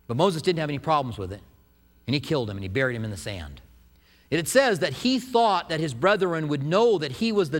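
A male preacher with a high, wildly swooping voice, telling a story to a congregation and acting out every quote. His words ring with a long echo through a large hall. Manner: animated storytelling, acts out quotes. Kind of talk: sermon. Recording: echoey hall.

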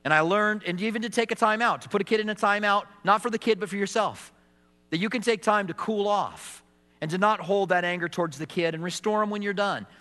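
A middle-aged man delivering a sermon, his voice fairly high and ringing bright. He tells stories and acts out quotes with touches of humor. The sound carries a long hall reverb. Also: brisk. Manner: storytelling with acted quotes and humor. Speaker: pastor.

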